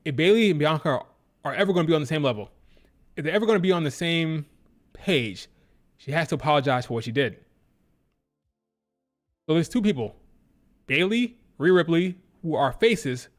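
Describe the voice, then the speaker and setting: A man giving a casual live-stream review, animated and opinionated, who repeats his points for emphasis. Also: fairly high pitch. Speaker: wrestling show reviewer.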